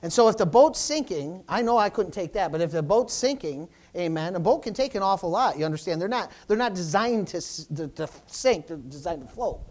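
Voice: mid-range voice, animated, fairly quick, few pauses, a little mellow. A pastor preaching a sermon to a congregation in church, often restarting phrases and calling out "amen?" and "praise the Lord".

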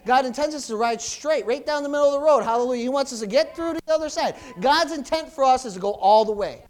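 Man preaching in a lively sermon. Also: very high-pitched, fast. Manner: call-and-response, repetitive exclamations, swings from loud to soft.

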